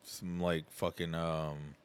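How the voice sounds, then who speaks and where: A man's voice: deep voice, level tone, slow pace, clear, resonant tone, no echo. A man co-hosting a casual podcast, joking, swearing and laughing as he riffs with a friend. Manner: laughing, profane, jokey impressions. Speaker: podcast co-host.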